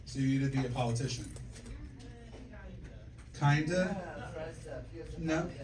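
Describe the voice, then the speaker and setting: Brash profane comedian in an echoey club. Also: male voice, medium pitch, lively intonation, normal speed. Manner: brash, profane storytelling with frequent "okay?" and "right?" asides. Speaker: stand-up comedian. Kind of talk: stand-up comedy set with crowd work. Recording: echoey club from a distance, loud room noise.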